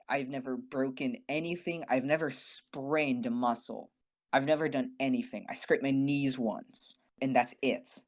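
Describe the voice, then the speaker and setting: A young man co-hosting a podcast, telling a story in a casual, animated, profane way and acting out the people he quotes. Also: medium pitch. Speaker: podcast co-host.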